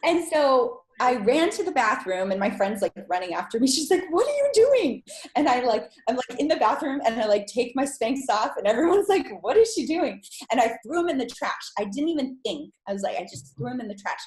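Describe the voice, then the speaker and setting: Animated woman telling a story, echoey room. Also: a little fast, hardly any pauses. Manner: animated, acts out quotes in high voice. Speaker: podcast guest. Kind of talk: casual storytelling interview.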